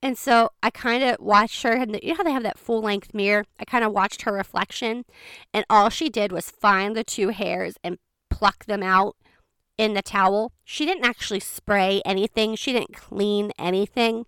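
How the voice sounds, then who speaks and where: A chatty woman recounting a story in a casual vlog, quick and expressive. Her voice is smooth and clear at a mid pitch, and the sound is close and dry, with no room echo. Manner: chatty, expressive, fast bursts. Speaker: vlogger.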